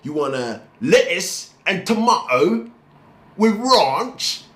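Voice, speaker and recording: A man's voice: sits high, sing-song, slow, a bit bright, roomy sound, exaggerated voice. An actor playing a teasing male waiter in a comedy sketch, joking with a customer. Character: teasing male restaurant server.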